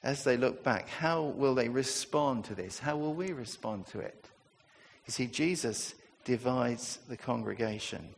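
Gravelly-voiced man preaching a sermon. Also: mid-range voice, animated, a little slow, in a large hall, slight background noise. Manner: conversational, asks rhetorical questions.

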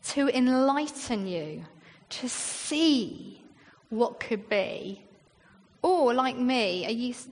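A woman, a church leader preaching a sermon in a chatty way, full of rhetorical questions and acted-out quotes. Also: a little high. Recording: long reverb in a hall.

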